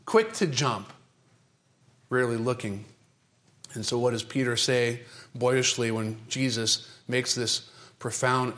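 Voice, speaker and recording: A man, a pastor, preaching a sermon with dramatic emphasis, repeating phrases and asking the congregation rhetorical questions. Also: mid-range voice. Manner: dramatic, emphatic delivery with repetition and sudden shifts in pace and loudness.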